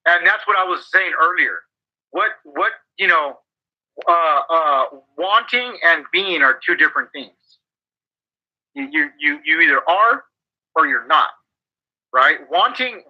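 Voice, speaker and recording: Man, high voice, podcast co-host, blunt and profane, repeats words for emphasis. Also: very animated, a little slow, muffled recording. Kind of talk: casual motivational chat.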